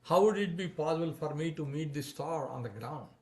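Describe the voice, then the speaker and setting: A man voicing a charming young male divine lover who flatters and pleads in a raised, louder voice. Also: on the high side, brisk, natural voice. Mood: coaxing.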